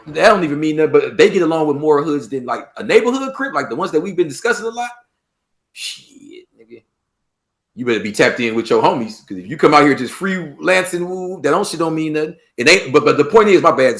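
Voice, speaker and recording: Fast-talking animated Los Angeles man. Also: a little high. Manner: animated, acts out street dialogue, swears freely. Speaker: podcast guest. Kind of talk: casual interview talk.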